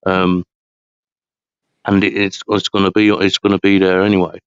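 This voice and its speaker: A man's voice: sits low, flat delivery, moderate pace, clear, resonant tone, no echo, muffled recording. A man from hosting a long live podcast, chatting casually in a tired, rambling, slangy way. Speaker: podcast host. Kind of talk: casual late-night chat.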